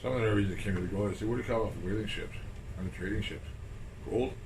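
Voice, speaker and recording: A man's voice: fairly low pitch, very fast. A man chatting casually in a rambling way, repeating himself and swearing now and then. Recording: roomy and distant with air-conditioner hum.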